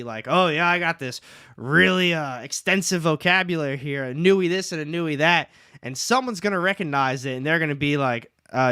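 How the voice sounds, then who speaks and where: Young man, casual livestream chat, smooth clear voice, dry close sound, slightly high pitch. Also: pushed and bright, no echo. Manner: chatty, reads chat aloud, jokes at himself. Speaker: comics livestream host.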